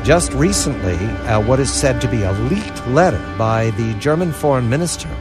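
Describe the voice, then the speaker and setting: A man hosting a radio interview, speaking in a measured way and quoting sources. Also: mid-range voice, lively intonation, over music. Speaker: radio host.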